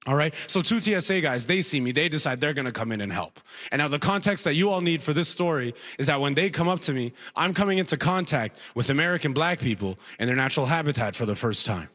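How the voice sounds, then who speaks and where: Stand-up comic guy, fairly high voice, swings his pitch all over, keeps saying right?. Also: fast talker, hardly any pauses. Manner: animated, frequent rhetorical "right?". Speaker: stand-up comedian. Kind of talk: stand-up comedy storytelling.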